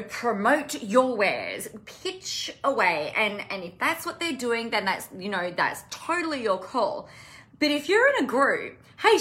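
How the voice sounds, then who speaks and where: A woman business coach talks casually to camera on a live stream, impassioned and blunt, swearing freely. Her voice is on the high side with a sharp tone.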